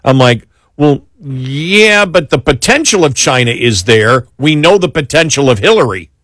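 A man hosting a political talk show, talking in an exasperated, animated way with many restarts. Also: mid-range voice, normal speed, no echo, studio quality. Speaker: talk radio host.

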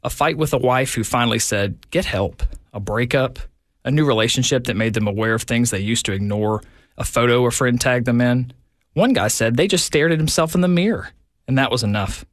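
A man reads a clinic radio ad, straight and pressing. His voice sits at a middle pitch and sounds dry and close, with no room around it. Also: fairly quick, no echo. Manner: direct, urgent sales pitch. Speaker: doctor in a radio ad. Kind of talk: scripted radio ad read.

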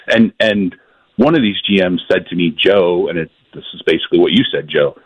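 Low husky man, rambling reporter. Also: normal speed, no room sound. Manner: rambling, laughs while retelling. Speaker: football reporter. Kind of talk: casual sports interview. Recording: dull lo-fi sound.

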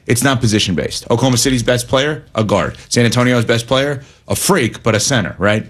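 A man's voice: medium pitch, brisk, a bit bright. A man hosting a sports radio talk show, reading ad copy and trading takes on football with his co-hosts.

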